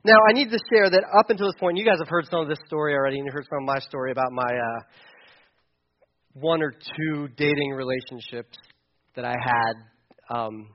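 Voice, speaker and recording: In sermon storytelling, a middle-aged man preaching shares a personal story candidly, poking gentle fun at himself and often stumbling through fillers and restarts. He is a pastor, his pitch fairly high, and the recording lo-fi.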